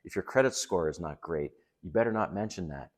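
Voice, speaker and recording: A man's voice: low-pitched, expressive, a little fast. A middle-aged man talking straight to other men, giving blunt, emphatic dating advice in a casual monologue.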